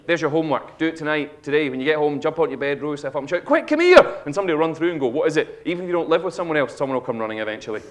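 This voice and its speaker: Lively Scottish man giving a stage talk. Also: fairly high pitch, rapid-fire, hardly any pauses. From Scotland. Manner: animated storytelling, acts out a child's lines. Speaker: speaker. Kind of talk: humorous motivational talk. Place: auditorium stage.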